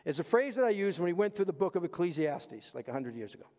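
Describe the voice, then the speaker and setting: A man with a notably high voice preaches to his church. He leans hard on repeated phrases and swings from hushed asides to raised, pointed lines. His words ring out with the long reverb of a big sanctuary. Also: very animated, quick pace. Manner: emphatic, repeats key phrases, swings between quiet asides and raised punchlines. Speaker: pastor. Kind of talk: sermon. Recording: long reverb of a large hall.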